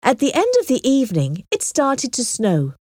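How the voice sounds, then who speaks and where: Expressive woman reading a storybook. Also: sits high, moderate pace, no room sound, clean studio sound. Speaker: narrator. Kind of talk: audiobook reading of a simplified classic novel.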